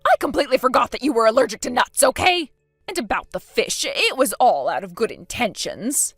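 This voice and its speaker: A woman reads a scheming elderly grandmother in a texting story. She sounds indignant and self-pitying, always defending herself. The voice sits a bit high with lively swings, dry and close, over faint music. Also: a little fast, slightly rough, no room sound, exaggerated voice.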